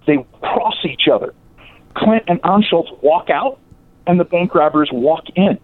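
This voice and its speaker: A man casually telling a local history story, acting out the people in it with lively quoted voices. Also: on the high side, a little slow. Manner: animated, acts out quoted voices. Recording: tinny phone-like sound.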